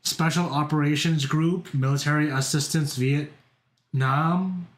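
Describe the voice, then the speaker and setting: Rambly excitable guy streaming, kinda high voice, lots of swearing, echoey room. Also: takes it slowly. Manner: rambling and excitable, heavy swearing and filler words. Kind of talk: casual chat with stream viewers.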